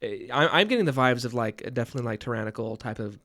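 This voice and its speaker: A man's voice: mid-range voice, expressive, fast, fairly bright tone. A man co-hosting a podcast, thinking aloud about a book in casual chat, often stammering and repeating words. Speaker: podcast co-host.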